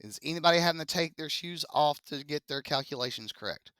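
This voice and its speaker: Math teacher, young adult, bright and punchy, dry close mic, quizzes class with playful asides. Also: mid-range voice, animated, fairly quick, dry recording. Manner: chatty, joking asides, quizzing students. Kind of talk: classroom statistics lecture. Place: classroom with live students.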